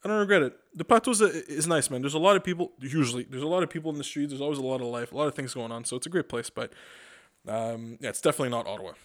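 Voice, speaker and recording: Talking fast in a medium-pitched voice, a man on his podcast delivers a loose, comedic monologue of rambling, foul-mouthed stories that keep stammering and restarting.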